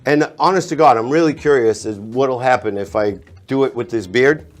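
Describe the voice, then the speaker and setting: A middle-aged Boston comedian talking casually, with a lively storyteller's delivery. He builds up his stories and laughs at his own punchlines. His voice sits at an ordinary male pitch. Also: normal speed, soft background music. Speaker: comedian guest. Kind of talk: casual chat.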